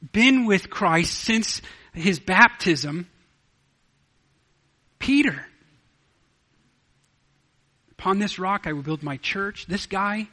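A man preaching a sermon as pastor, swinging from loud declarations to hushed asides. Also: high-pitched.

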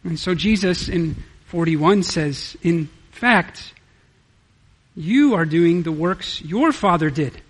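A man with a high, light voice preaches an earnest sermon. He reads scripture aloud and keeps pressing rhetorical questions on his listeners. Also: lively intonation, slow. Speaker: pastor. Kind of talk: expository sermon.

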